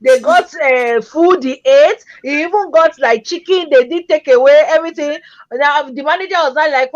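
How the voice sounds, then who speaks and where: Woman host with a high voice, playful, chatty. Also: moderate pace, lo-fi sound. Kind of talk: casual chat.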